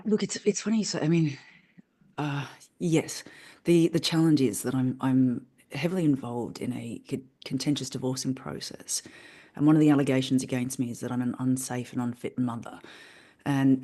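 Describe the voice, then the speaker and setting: A woman speaking candidly to her coach, rambling and shifting tone quickly. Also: a bass voice, warm tone. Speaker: coaching client. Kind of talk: candid personal talk.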